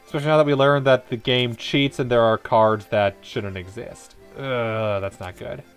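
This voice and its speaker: A man's voice: medium pitch, normal speed, clear, resonant tone. Guy streaming a game, rambly history nerd, chatty, bit of music in back. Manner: rambling, enthusiastic about history. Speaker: let's-play streamer. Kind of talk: casual gameplay commentary.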